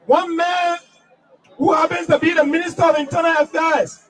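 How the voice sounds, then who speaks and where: A man giving a shouted protest speech at an outdoor rally, leading chants and rousing the crowd. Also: very high voice, level tone, moderate pace, a little hiss or hum. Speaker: protest speaker. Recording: distant mic, loud crowd outdoors.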